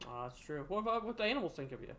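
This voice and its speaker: A man's voice: high voice, big pitch swings, very fast, a bit bright. Rambling, stammering podcast co-host man. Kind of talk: casual chat.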